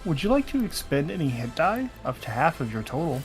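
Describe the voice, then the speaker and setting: A man playing a tabletop game, lively and joking. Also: on the high side, brisk, over music. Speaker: player. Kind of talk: casual tabletop play.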